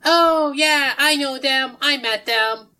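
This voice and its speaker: A woman's voice: fairly high pitch, moderate pace, heavy background noise, voice pushed up, lightly acted. A woman voicing a cheerful, oddball young male sushi maker who talks breezily about grim things. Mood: chirpy. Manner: chirpy, rambling, a bit deadpan about grim things.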